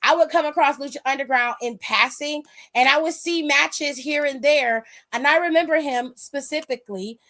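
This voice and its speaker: High-voiced woman hosting a wrestling aftershow. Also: normal speed, few pauses, a bit bright. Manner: emphatic, profane, reads viewer comments aloud. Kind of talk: casual live-stream commentary.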